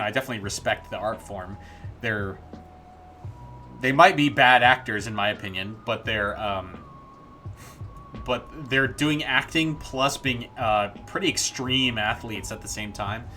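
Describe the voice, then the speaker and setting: A man's voice: lowish voice, normal speed, bright, forceful tone, faint music behind. A man chatting casually and playfully while streaming his game development work, rambling into jokey asides. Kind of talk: casual live-stream chat.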